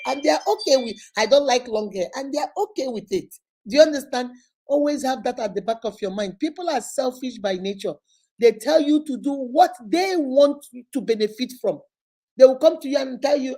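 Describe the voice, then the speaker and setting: A middle-aged woman from Nigeria hosts a casual live question-and-answer chat. Her voice sits a little high yet sounds dark and mellow. She talks straight to her viewers with lively, animated delivery. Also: a little fast. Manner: animated, acts out quoted voices, warm direct address.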